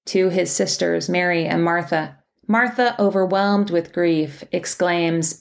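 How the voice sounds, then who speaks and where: Female podcast host, lowish gravelly voice, reads a reflective sermon with a gentle storyteller's pacing. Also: steady tone. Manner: gentle storytelling with measured phrasing. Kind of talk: scripted reflective sermon narration.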